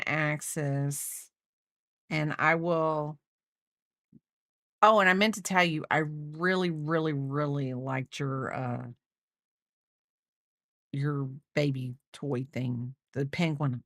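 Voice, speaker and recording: A woman's voice: sits low, slow, pauses often, fairly bright tone, no room sound. Rambling, chatty middle-aged woman, dry sound. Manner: rambling, chatty, trails off mid-sentence. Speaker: crochet channel host. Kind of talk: casual chat while crocheting, replying to viewers.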